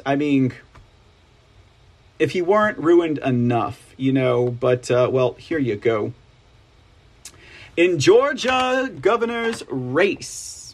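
A man from Texas with a Texan drawl, hosting a news commentary show, reading stories aloud with sarcastic, rambling asides and constant "right?" tags. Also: fairly high pitch.

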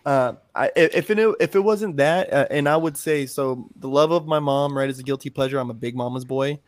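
A man co-hosting a podcast in casual chat, talking in a rambling, animated and profane way. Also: medium pitch, brisk, no room sound. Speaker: podcast co-host.

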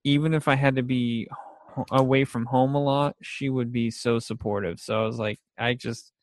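A man's voice: mid-range voice, steady tone, moderate pace, no echo. A young man chatting casually about favorite TV shows, rambling and laughing often as he acts out scenes.

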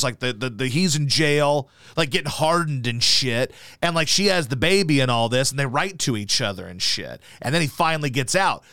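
A man's voice: on the high side, a bit bright, no room sound, studio quality. A man hosting a talk show, telling rambling, profane stories in casual chat. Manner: profane, rambling storytelling full of fillers. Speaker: show host.

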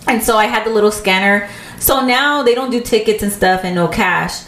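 A woman's voice: normal speed, reverberant. A woman casually telling a story on a podcast, acting out the people in it with a raised voice. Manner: animated storyteller, acts out quotes in higher voice. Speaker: podcast co-host.

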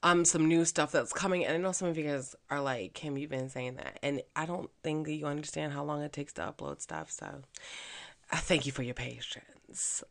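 A woman's voice: low voice, normal speed, creaky. A woman hosting her own podcast, talking alone in a chatty, upbeat way with plenty of fillers. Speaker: podcast host. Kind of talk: casual solo podcast monologue.

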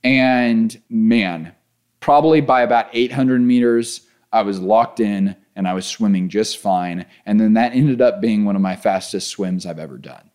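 Man telling an animated personal story. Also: a little slow. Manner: animated, voice rising as he relives panic, then calm and low. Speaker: endurance athlete telling a race story. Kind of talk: casual storytelling.

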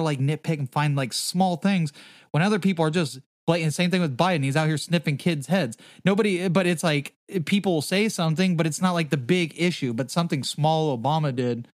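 Male podcast host, casual and rambling, swears a lot, slightly high voice, dry close sound. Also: no echo. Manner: rambling, heavy swearing, fillers.

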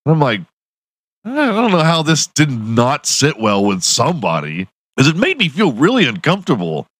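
A man's voice: medium pitch, huge pitch swings, moderate pace, fairly bright tone, no echo. A young man hosting a podcast, telling a profane, laughing story in casual monologue. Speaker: podcast host.

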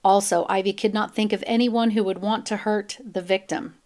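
A woman's voice: mid-range voice, moderate pace. A woman hosting a true crime podcast, reading news reports aloud and breaking into blunt, profane rants. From United States. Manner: blunt, swears freely, animated when ranting. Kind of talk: reading news with ranting asides.

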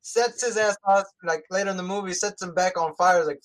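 A man casually and profanely retelling a movie plot in animated chat. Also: high voice, fairly quick.

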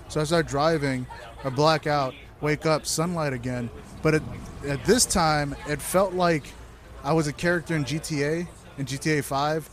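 A slightly high-pitched man, talking a bit fast, trades wild-night stories in casual conversation. His anecdotes are loose, profane, and animated.

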